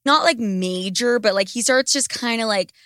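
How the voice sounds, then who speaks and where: Bright-voiced blunt young woman. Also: a little high, moderate pace, dry recording, clean studio sound. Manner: blunt, profane, animated storytelling. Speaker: podcast co-host. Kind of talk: frank casual chat.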